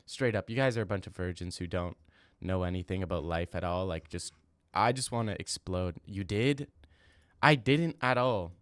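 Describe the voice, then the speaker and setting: A brash young man talks casually on a livestream, answering his chat in loose, slangy bursts. His voice sits low, and the sound is dry and close with no room around it. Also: normal speed, no echo. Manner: brash, trash-talking, slangy, rambling. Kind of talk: casual live-stream chat.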